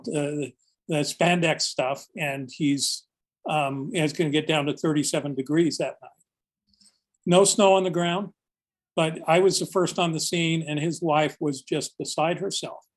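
An older man, a search and rescue volunteer, telling a story in a casual, earnest and reflective podcast conversation. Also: on the high side. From United States.

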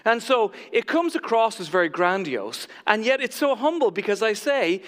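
A man with a high voice preaches to his congregation. He jokes at his own expense as he tells his stories. A long church reverb trails behind every phrase. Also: big pitch swings, normal speed, a bit bright. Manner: jokey, self-mocking storyteller. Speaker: pastor. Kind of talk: sermon. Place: church sanctuary.

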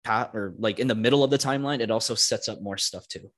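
A man's voice: lowish voice, fast talker, dry recording, clean studio sound. A man co-hosting a podcast in casual chat, talking loosely and slipping into playful voices. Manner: chatty, breaks into playful put-on voices. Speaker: podcast co-host. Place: video call.

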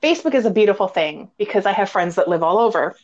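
A woman hosting a casual conversation, telling stories with lots of laughter and animated quoted dialogue. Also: medium pitch, fast talker. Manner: animated storyteller, laughs often. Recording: dull lo-fi audio.

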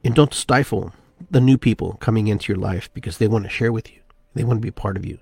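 A man hosting a spiritual podcast, talking in an unhurried, musing way and repeating phrases with shifting inflection. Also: lowish voice, gravelly, darkish tone, slightly rough, dry recording. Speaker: podcast host. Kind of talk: reflective spiritual monologue.

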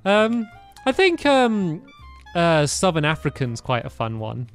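A man's voice: on the high side, big pitch swings, unhurried, smooth, soft background music. A man co-hosting a casual podcast chat, hesitant with many restarts and frequent laughs. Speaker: podcast co-host.

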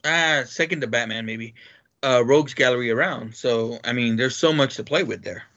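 A man in casual chat, animated and excitable, swearing freely as he talks. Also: mid-range voice, moderate pace, lo-fi sound.

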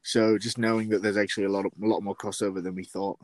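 A man's voice: on the low side, little pitch movement, quick pace, no echo. A young man with a West Yorkshire accent, telling a story in rambling, casual podcast chat full of fillers. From West Yorkshire, England. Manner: rambling, many fillers and laughs. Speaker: podcast host.

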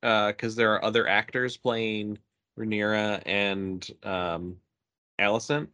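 A man's voice: fairly low pitch, little pitch movement, slow pace, pushed and bright, no room sound. A man co-hosting a casual podcast, laid-back and agreeable, mostly giving short replies and adding a few points of his own. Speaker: podcast co-host. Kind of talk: casual chat.

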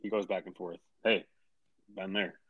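A man's voice: low voice, steady tone, moderate pace, slightly rough, no room sound, narrow, tinny audio. A man co-hosting a casual podcast, laid-back and wisecracking with some swearing. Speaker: podcast co-host.

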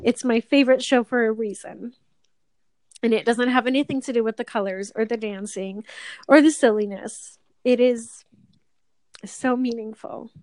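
A woman's voice: a little high, fairly even intonation, moderate pace, a little mellow, no echo. A woman chatting as a podcast co-host and stage performer, telling a story in a gushing, rambling way with many fillers. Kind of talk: casual chat.

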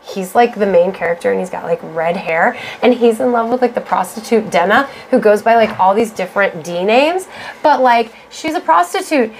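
A young woman co-hosting a casual podcast chat, gushing excitedly and swearing freely as she talks. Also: medium pitch, normal speed, a little hiss or hum. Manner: excitable, swears a lot, gushes and shouts when worked up. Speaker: podcast co-host.

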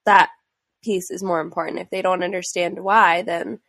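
A woman's voice: lowish voice, steady tone, moderate pace, fairly bright tone, dry recording, clean studio sound. A young woman and parent chatting casually about discipline, thinking aloud with hesitant phrasing and many fillers. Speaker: parent in a conversation. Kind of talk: casual chat.

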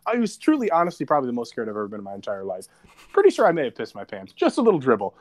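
A man in his twenties on a casual podcast, telling a story in an animated, profane, dramatic way. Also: medium pitch, racing. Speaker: podcast co-host.

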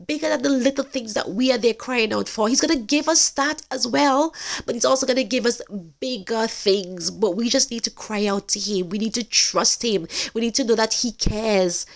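A woman hosting a podcast, giving an earnest, emphatic faith-based talk straight to her listeners. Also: mid-range voice. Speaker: podcast host.

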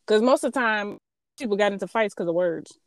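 A woman's voice: medium pitch, lively intonation, a little fast, no echo. A woman and mother speaking in a casual chat, blunt and emphatic, swearing freely. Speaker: podcast co-host and mother.

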